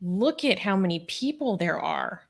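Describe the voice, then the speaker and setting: A woman's voice: medium pitch, expressive, moderate pace, background noise. Enthusiastic woman co-hosting a stream. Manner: enthusiastic, with fillers like um and like. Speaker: co-host of a livestream show. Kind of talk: casual chat, showing images and reading comments.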